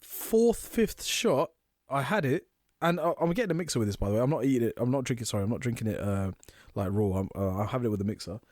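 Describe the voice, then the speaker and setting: Speaking at a medium pitch, a male podcast co-host swaps drinking tales in relaxed conversation, performing people's lines in a fast, animated way. The sound is studio grade, free of any room tone.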